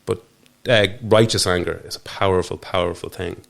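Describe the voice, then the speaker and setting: A man's voice: low-pitched, fairly even intonation, normal speed, creaky, a bit bright. An Irish man talking earnestly in a studio interview, often restarting and trailing off mid-thought. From Ireland. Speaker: podcast guest. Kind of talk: reflective conversational interview.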